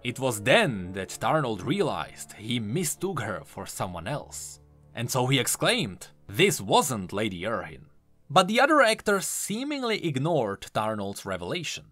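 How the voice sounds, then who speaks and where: Man narrating a creepy story, very lively up and down voice, faint music underneath. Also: mid-range voice, unhurried, no echo. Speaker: lore narrator.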